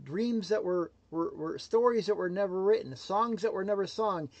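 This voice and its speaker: A man giving a motivational livestream talk, emphatic and swinging between loud declarations and hushed asides. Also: high voice, moderate pace. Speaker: motivational speaker.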